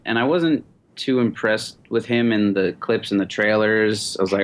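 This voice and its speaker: A man's voice: mid-range voice, normal speed, hardly any pauses. A man co-hosting a casual podcast, laid-back and a little hesitant. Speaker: co-host, animation storyboard artist. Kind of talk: casual chat.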